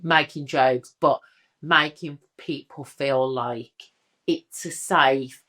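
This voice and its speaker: A woman's voice: very deep voice, fairly even intonation, slow, sharp tone. A woman from the UK, a drag performer and interview guest, talking in an earnest, heartfelt and self-deprecating way. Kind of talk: casual interview chat.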